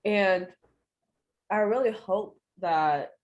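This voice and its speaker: A young adult woman co-hosting a podcast in casual chat, speaking earnestly and reflectively with quick quoted asides. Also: medium pitch, muffled recording. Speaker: podcast co-host.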